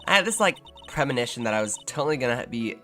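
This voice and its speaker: A woman's voice: rumbling low, expressive, quick pace, bright, forceful tone, heavily acted. A woman voicing a ditzy young valley-girl witness who drawls with constant "like" and "totally", over faint music. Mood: chirpy.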